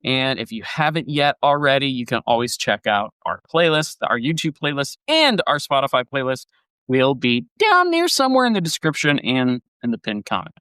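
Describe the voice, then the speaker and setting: A man co-hosting a music podcast in casual chat, enthusiastic and quick to laugh, reading song lyrics aloud and musing on them. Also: medium pitch, sing-song, bright, forceful tone, smooth, no room sound. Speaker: podcast co-host.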